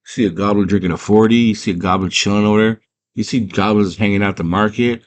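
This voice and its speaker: A young man excitedly retelling a fantasy movie scene by scene, full of slang and filler words. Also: fairly low pitch, fast. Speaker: movie fan retelling a film. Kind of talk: casual chat.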